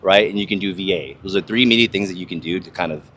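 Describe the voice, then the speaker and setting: A young man with a very low voice, swearing freely and rambling through stories in a casual podcast chat. His talk is loose, full of fillers and restarts, over a faint ambient hiss. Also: racing, fairly bright tone. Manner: profane, rambling storyteller. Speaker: podcast host, army veteran. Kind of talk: casual conversation.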